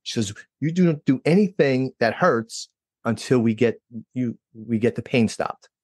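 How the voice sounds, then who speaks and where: A middle-aged man from New Jersey, a guest telling his own story in a lively way and acting out quoted dialogue with jumps in pitch. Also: unhurried, dry recording, studio quality. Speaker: interview guest. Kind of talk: personal storytelling.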